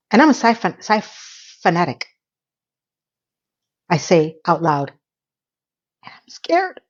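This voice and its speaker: Chatty, sarcastic middle-aged woman. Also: mid-range voice. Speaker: TV episode recapper. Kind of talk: casual recap vlog. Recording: slightly dull lo-fi audio.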